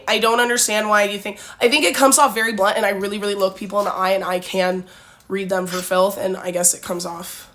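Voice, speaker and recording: A woman's voice: medium pitch, fairly bright tone. A young woman from Canada telling a casual dating storytime, blunt and forward, with lots of fillers. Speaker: vlogger.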